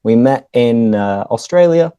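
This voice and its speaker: A man, a teacher chatting casually with a friend and clearly explaining words and phrases for learners over a video call. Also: medium pitch, expressive, unhurried, mellow, no echo. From northern England. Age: 30s. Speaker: English teacher and host. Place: home room, on a video call.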